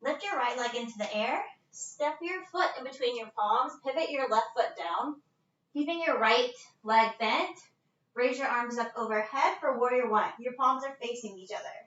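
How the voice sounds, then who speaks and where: A woman's voice: a little high, normal speed, fairly bright tone, reverberant, recorded from a distance. Casual yoga teacher, woman, out of breath, dull lo-fi phone sound in her living room. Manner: casual, chatty, breaks into laughs. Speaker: yoga instructor. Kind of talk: live-streamed yoga class instruction. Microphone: phone set at a distance.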